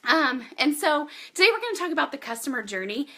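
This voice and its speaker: A woman's voice: sits high, sing-song, fast, pushed and bright. A woman in her thirties running a live online training from her home office as a business coach, chatty and upbeat, talking straight to her viewers. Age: 30s.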